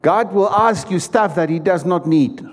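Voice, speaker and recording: A man's voice: high voice, unhurried. A man preaching a sermon in a church, stressing his points and putting questions to the congregation. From South Africa. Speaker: pastor.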